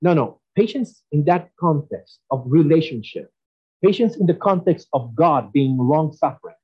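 A man preaching a sermon, emphatic and animated, often asking his listeners questions. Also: a little high, normal speed, husky, dull audio.

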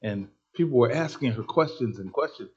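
A husky-voiced male preacher delivering a sermon, excitable and emphatic as he tells his story. The recording is dull and lo-fi. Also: mid-range voice, a little fast.

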